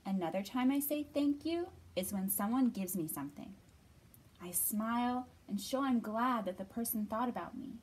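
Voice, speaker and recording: A woman librarian leading a children's storytime, reading aloud in an expressive, bright manner and acting out the quoted lines. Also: a little high, normal speed, slightly rough.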